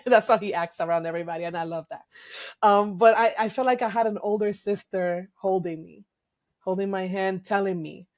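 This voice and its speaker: A woman's voice: medium pitch, moderate pace. Reflective woman. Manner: reflective, emotional, hesitant with fillers. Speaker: guest. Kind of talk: candid personal interview.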